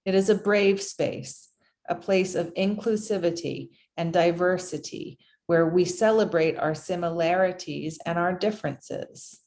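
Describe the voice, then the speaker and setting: A woman on a video call reading her church's mission statement aloud in a steady, formal way. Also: on the low side, a little slow. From United States. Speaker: congregation member.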